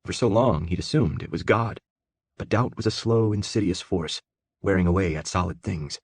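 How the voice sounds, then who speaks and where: A male audiobook narrator reads in a steady, measured storytelling voice. His voice is deep with a husky edge. The booth recording is close and dry. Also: no room sound. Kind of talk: scripted narration.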